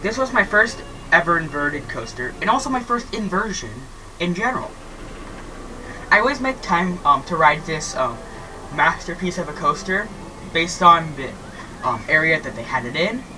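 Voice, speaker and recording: A woman talking through her roller coaster rankings in a casual vlog, halting often with fillers and restarts. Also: lowish voice, very animated, over music. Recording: distant mic with faint background noise.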